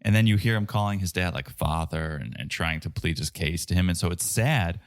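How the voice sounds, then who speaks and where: Male podcast co-host, low and dry, casual wry recap chat. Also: a little fast, no echo. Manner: wry, jokey asides with quoted voices.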